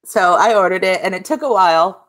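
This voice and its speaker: A woman's voice: mid-range voice, brisk, a bit bright. A young woman co-hosting a podcast, telling a story in a laid-back way with frequent ums. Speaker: podcast co-host. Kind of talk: casual chat.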